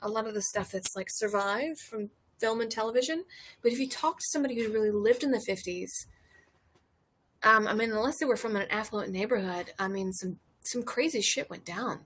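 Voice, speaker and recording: A young American woman chats with her stream, slightly tipsy after a few drinks. Her voice is husky and sits a bit high. She rambles loosely, full of fillers and casual swearing. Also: expressive, normal speed, a bit bright. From United States. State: a little tipsy. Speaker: streamer chatting with viewers. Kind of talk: casual chat. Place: porch outdoors.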